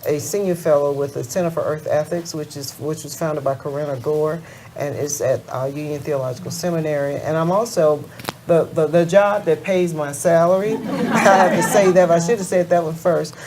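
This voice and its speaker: A woman's voice: deep voice, steady tone, a little fast, warm tone, a faint crowd, a little hiss or hum. A woman introducing herself on a festival panel, a little hesitant and self-deprecating.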